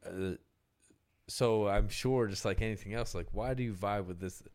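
A man's voice: lowish voice, moderate pace, darkish tone. A young man hosting a casual podcast chat about music, loose and profane, often trailing off and restarting.

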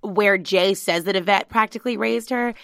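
A woman's voice: medium pitch, normal speed, gravelly, a bit bright, no room sound, studio quality. Giggly woman co-hosting a chat. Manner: giggly, chiming in with short remarks. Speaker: podcast co-host. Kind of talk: casual TV episode recap chat.

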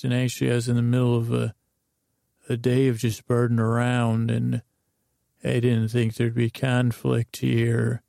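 A man hosting a podcast, telling a meandering bedtime story in a drowsy, rambling monotone full of fillers. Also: medium pitch, unhurried, creaky, no room sound, clean studio sound. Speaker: podcast host.

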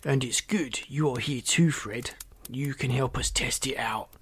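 A man voicing a rude, pompous male frog alien in a storybook reading, slow and sneering. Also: mid-range voice, fairly bright tone, breathy edge. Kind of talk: storybook character voice.

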